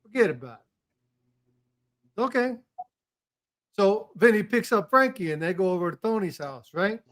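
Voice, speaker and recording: A woman's voice: mid-range voice, expressive, normal speed. Woman telling a dirty joke to her buddies, casual, does the voices. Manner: storyteller acting out both sides of a dirty joke. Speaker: podcast co-host.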